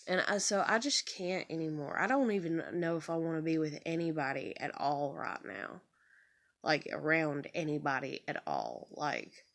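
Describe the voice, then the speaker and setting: Young woman vlogger, low-voiced, near tears, rambling and swearing; raw confessional monologue. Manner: rambling, profane, heartfelt. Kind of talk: emotional personal monologue to camera. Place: bedroom.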